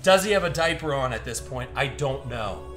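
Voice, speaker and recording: A man hosting a live card-opening stream, excitable and swinging from hype to hushed suspense. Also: mid-range voice, moderate pace, reverberant, soft background music. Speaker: card break host.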